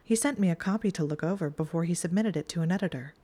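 A prim, bookish young witch who explains things briskly and matter-of-factly, as a woman reading a storybook puts her on. The voice sits a little above the reader's own low tone. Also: warm tone, close to an everyday voice.

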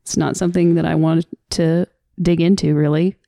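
With a low, creaky voice, little pitch movement and a normal speaking speed, a Southern American woman co-hosts a casual podcast. She talks earnestly, loosely and off the cuff with soft laughs, and her studio-mic recording is studio quality with no echo.

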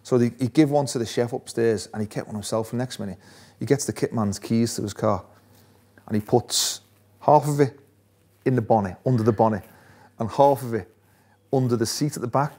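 A former footballer chats through stories in a casual interview, laughing a lot and restarting phrases. His voice is medium in pitch, brisk and somewhat dark in tone.

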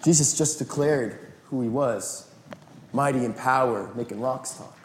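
A male pastor preaches a sermon, animated and conversational, with a mid-pitched voice. His voice carries a roomy echo, with faint ambience behind it. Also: measured pace, a little hiss or hum.

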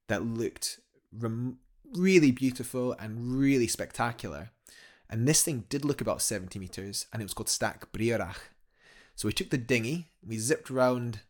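Enthusiastic man telling a story. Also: medium pitch. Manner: enthusiastic, rambling with many restarts. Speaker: guest climber. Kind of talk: casual storytelling in a podcast interview.

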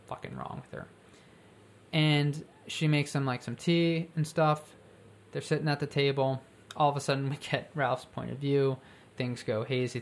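Co-host type, loose and rambling, mid-range voice, acts out quotes while brainstorming. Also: mid-range voice. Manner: rambling, animated storytelling with acted-out quotes. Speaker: co-host pitching a story. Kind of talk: casual brainstorming chat.

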